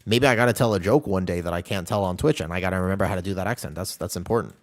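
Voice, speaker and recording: A man's voice: sits low, rapid-fire. A man streaming a game, chatting casually and rambling while answering his chat.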